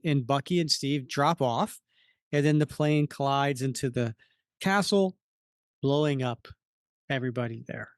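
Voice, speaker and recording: A man's voice: fairly high pitch, clear, resonant tone, no room sound, clean studio sound. A man co-hosting a casual comic book podcast, walking through the panels unhurriedly with many fillers. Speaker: podcast co-host.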